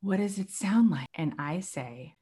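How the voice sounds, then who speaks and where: A young woman telling a personal story in conversation, expressive and quick to act out other people's voices. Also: breathy edge. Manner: expressive, acts out quoted voices with big pitch jumps. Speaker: guest.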